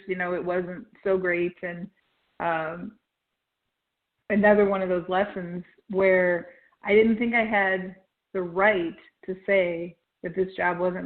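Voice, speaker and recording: A woman guest in an interview, talking conversationally with many "you know" fillers. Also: mid-range voice. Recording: tinny phone-like line.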